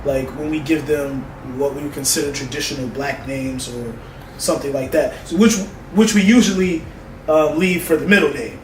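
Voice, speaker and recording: A man's voice: a little high, normal speed. A man talking emphatically in casual chat about a movie. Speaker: podcast co-host. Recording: echoey room, distant mic, background noise.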